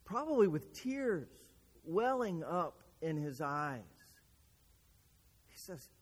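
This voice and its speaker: A male preacher with a notably high voice delivers a sermon slowly and earnestly, leaning on rhetorical questions as he retells a scripture story. His words ring out with a long reverb, as if he is recorded in a large hall. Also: very animated.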